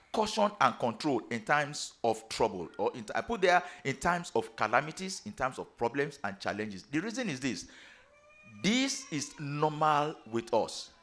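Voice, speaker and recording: A man's voice: mid-range voice, fairly bright tone. Preaching man with emphatic declarations. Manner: preaching with emphatic rising declarations and repeated phrases. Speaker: pastor. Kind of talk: sermon.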